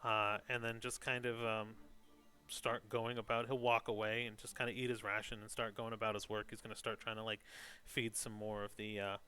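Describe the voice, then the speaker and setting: A man's voice: on the low side, little pitch movement, fairly quick, sharp tone, smooth. A man narrating a tabletop game as game master, in a loose, descriptive way. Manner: loose, descriptive, lots of "like" and "kind of".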